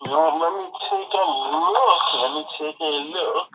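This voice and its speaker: A man's voice: a little high, a little slow, vocal fry, highs cut off. A man from the area, casually telling a rambling story as a podcast co-host. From Philadelphia area, USA. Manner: rambling, many ums and restarts.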